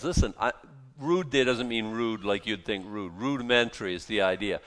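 A pastor with a fairly low, slightly bright voice delivers a casual, conversational Bible sermon at an unhurried pace. He's folksy and self-deprecating, often restarting his sentences.

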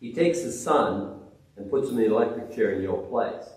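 A man preaching with restless energy, jumping from loud exclamations to quiet, reverent hushes and tripping over his own restarts. He sounds distant from the mic, and heavy echo fills the room. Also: lowish voice, expressive, normal speed. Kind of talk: sermon.

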